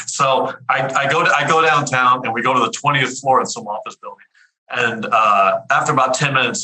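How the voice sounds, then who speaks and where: Bright-voiced man in his fifties. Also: medium pitch, a little fast, rough recording. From Houston area, US. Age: 50s. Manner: energetic, repeats words and restarts often. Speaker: podcast guest, author. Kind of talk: casual storytelling interview.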